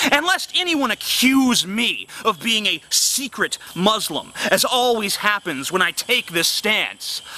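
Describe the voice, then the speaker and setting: Man ranting with a bright, lively voice. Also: sits high, slight background noise. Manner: profane, scornful, emphatic. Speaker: YouTuber. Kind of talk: angry vlog rant.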